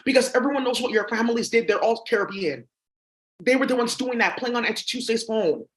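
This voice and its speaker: This female vlogger's voice runs on the high side and a little fast. She addresses her audience head-on in a wandering, accusing rant heavy with filler words like um and uh.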